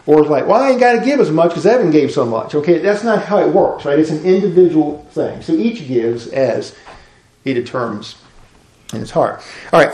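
A man's voice: a little high, a little mellow, reverberant, poor audio. A man preaching a conversational, folksy sermon as a pastor.

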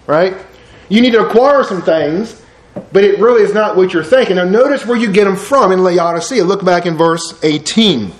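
Folksy preacher, high voice. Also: male voice, normal speed, echoey room, low-quality recording. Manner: folksy, digressive storytelling with y'all and ain't. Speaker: pastor. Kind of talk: sermon.

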